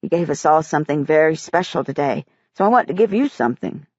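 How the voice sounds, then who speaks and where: A woman voicing a soft-spoken, gentle grown man in an audiobook. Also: animated, fast, husky, dry recording, dull audio. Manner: low and gentle.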